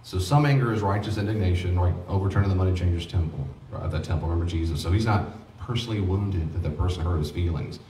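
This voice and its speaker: A man's voice: low voice, fast, mellow, a little hiss or hum. A man preaching a teaching sermon on grief as a pastor, earnest and conversational, repeating himself for emphasis. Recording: echoey room, mic at a distance.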